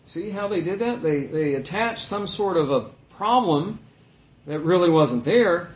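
Animated man teaching scripture. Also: measured pace. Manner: animated, voice rising high when quoting complainers. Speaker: Bible teacher. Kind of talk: conversational Bible teaching. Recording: roomy echo.

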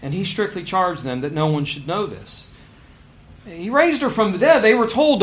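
A man preaching a sermon, swinging between loud emphasis and quiet asides and asking his listeners rhetorical questions. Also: high voice, lively intonation, normal speed.

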